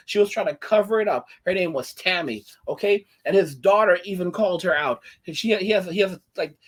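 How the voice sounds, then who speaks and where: Ranting man with a high voice. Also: a little fast. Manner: indignant, rambling, many restarts. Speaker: commentary channel host. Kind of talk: ranting casual commentary.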